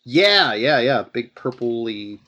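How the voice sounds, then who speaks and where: A man's voice: medium pitch, sing-song, slow, bright, forceful tone, a little hiss or hum. Casual man retelling comic plots. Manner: rambling retelling with many fillers. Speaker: podcast host. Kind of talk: casual comic book recap.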